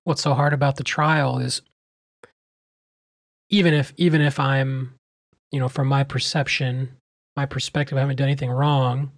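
A man's voice: medium pitch, level tone, moderate pace, pauses often, no room sound, studio quality. A man co-hosting a podcast, speaking earnestly and personally about his own struggles. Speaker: podcast co-host and teacher. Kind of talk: reflective podcast discussion.

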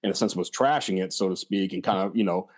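A man's voice: low-pitched, fast. A man talking as an author in a casual discussion, hesitant and full of fillers and restarts. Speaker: author and scholar.

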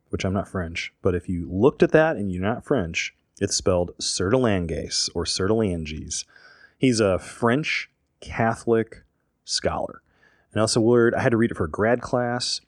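A man in a casual podcast chat, easygoing and thinking out loud. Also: lowish voice, no echo, clean studio sound. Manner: chatty, easygoing, thinks aloud.

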